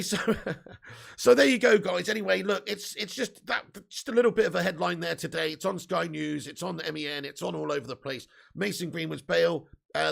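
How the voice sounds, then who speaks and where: A man hosts a live fan stream, talking fast and loose with viewers. His voice sits high for a man and is heavily gravelly and rough. He swears freely and gets riled up easily in his banter. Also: a bit bright. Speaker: football fan channel host. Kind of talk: live-stream chat reading super chats.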